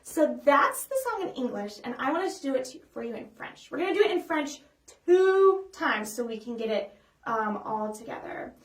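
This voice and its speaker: A woman leading a children's storytime as a librarian, chatty and upbeat, with frequent ums, sometimes singing simple songs slowly. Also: sits high, sing-song. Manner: sings simple songs slowly for kids to follow. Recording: echoey room, voice a bit far from the mic.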